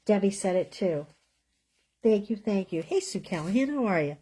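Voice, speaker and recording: A woman's voice: mid-range voice, animated, moderate pace, dark tone, husky. A woman hosting a live card-making class from home, chatting casually as she colors and assembles cards, often trailing off mid-sentence. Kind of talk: casual live craft demonstration.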